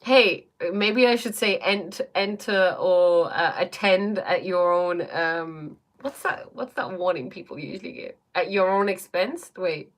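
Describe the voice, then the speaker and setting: Fast-talking woman life coach chatting live. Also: on the low side. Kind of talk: casual livestream chat answering viewer comments.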